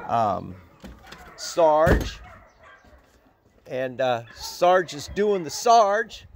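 Casual vlog caretaker, a man with a fairly high voice, rambling and folksy, recorded on a phone outdoors with steady background noise. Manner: rambling, folksy, chuckling asides. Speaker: animal sanctuary caretaker. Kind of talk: casual morning vlog chat. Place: outdoors at an animal sanctuary.

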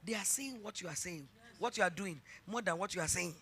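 A Nigerian-accented woman pastor in middle age delivers a sermon, repeating her phrases emphatically until she's shouting exhortations. Her voice sits lowish and she speaks fairly quickly.

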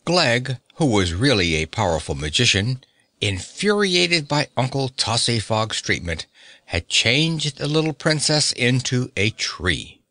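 Bright, lively male storybook narrator. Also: measured pace, no echo, clean studio sound. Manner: raises pitch for quoted characters. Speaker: audiobook narrator. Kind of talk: storybook narration with character voices.

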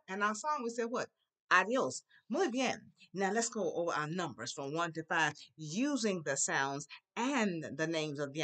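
A woman teaching a Spanish class to young children, leading songs and call-and-response in a lively, sing-song way. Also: fairly low pitch. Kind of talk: children's language lesson.

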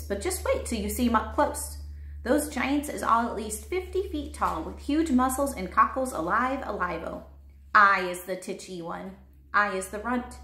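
A woman's voice: mid-range voice, pushed and bright. Lady reading friendly giant guy, kind and muddled, jumbled words, echoey room. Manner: tumbles through made-up words with a folksy lilt. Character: big friendly male giant, kindly, muddled speech. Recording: roomy echo.

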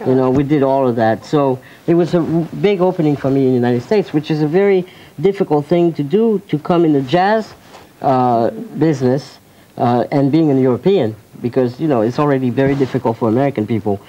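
A man chats as a guest in a casual television interview, playful and joking, often stopping on fillers as he hunts for English words. His voice is dark and mellow, caught on a dull, lo-fi 1990s TV recording. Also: mid-range voice, a little fast. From France. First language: French. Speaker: guest jazz pianist.

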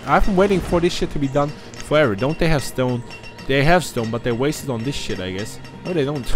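Man, German native speaker, casual gaming commentary, profane, self-mocking, soft music behind. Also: fairly high pitch. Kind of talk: casual let's-play commentary.

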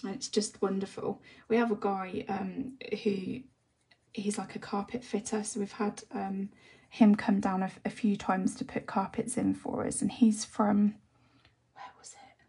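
Gravelly English woman, soft chatty tutor. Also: medium pitch, a little slow, far from the mic. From England. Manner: relaxed rambling chat, often drops to a soft half-whisper while working. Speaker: colouring tutor. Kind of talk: chatty live-stream tutorial while colouring.

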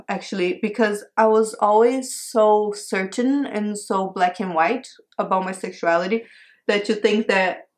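A woman in her late twenties talking openly but hesitantly with her partner, searching for words and giggling shyly. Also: medium pitch. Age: 20s. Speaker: co-host. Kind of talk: casual couple chat.

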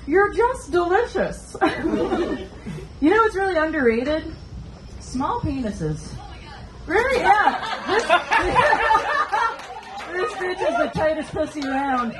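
A woman's voice: extremely high pitch, sing-song, slow, long pauses, heavy background noise. A woman doing a goofy, crude stand-up comedy set, giggling between her jokes. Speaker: stand-up comic. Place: comedy club stage. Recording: distant mic with loud crowd laughter. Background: loud audience.

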